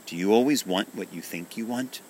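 Man voicing a soft-spoken magical rooster. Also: on the low side, brisk, a little hiss or hum, close to an everyday voice. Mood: mysterious. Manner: soft, hushed and questioning. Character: gentle, riddling magical male rooster.

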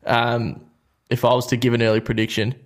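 A young Australian man co-hosting a sports podcast, talking in a relaxed, chatty way and laughing often. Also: medium pitch, fairly quick. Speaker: podcast co-host. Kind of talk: casual sports chat.

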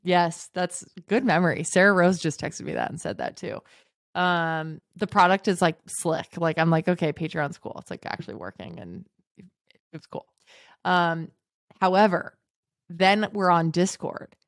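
A woman's voice: fairly low pitch, steady tone, unhurried, no echo, clean studio sound. A woman podcast co-host in casual chat, blunt and sarcastic, swearing freely.

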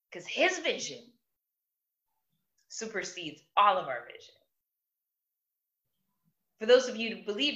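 A woman's voice: mid-range voice, bright, forceful tone, dull audio. A woman hosting a live motivational stream who speaks emphatically and repeats words for force. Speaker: host of a live motivational show.

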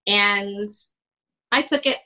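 A woman with a bright, clear voice recounting a hard chapter of her life as a pastor's wife. She tells it candidly and with feeling. She swings between soft, hushed moments and lively, animated quoted dialogue, with laughs along the way. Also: medium pitch, slow pace, rough recording. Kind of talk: candid personal storytelling.

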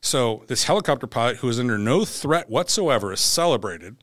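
A man's voice: mid-range voice, lively intonation, a little fast, fairly bright tone, no room sound. Blunt ex-seal guy telling a story, acts out the quotes, dry mic. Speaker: podcast guest, former Navy SEAL. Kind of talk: candid conversational storytelling.

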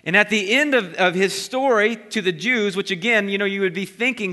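A man preaching a sermon, retelling a Bible story in a lively storytelling way and briefly acting out the voices of the crowd. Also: high-pitched, a little fast, few pauses. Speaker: pastor. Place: church sanctuary. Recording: long hall reverb.

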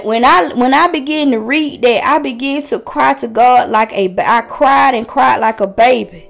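A woman with a high voice delivers a podcast sermon in a heartfelt preaching manner. She talks straight to her listeners, repeats her phrases for emphasis and keeps calling on them to respond. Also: unhurried, faint music behind. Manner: impassioned, calls out to listeners; conversational preaching with repetitions.

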